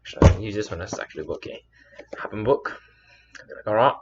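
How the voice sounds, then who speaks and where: A man's voice: lowish voice, steady tone, quick pace, darkish tone, slightly rough. Earnest, rambling man on a dull recording. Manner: meandering, earnest, self-correcting. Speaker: storyteller vlogger. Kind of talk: rambling personal storytelling.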